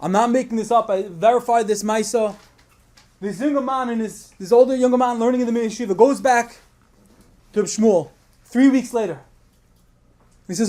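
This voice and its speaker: A man with a high voice delivers a storytelling sermon at a religious program. He speaks earnestly, and the emotional weight of his telling keeps building. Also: moderate pace, long pauses, a little mellow. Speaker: speaker at a Tisha B'Av program.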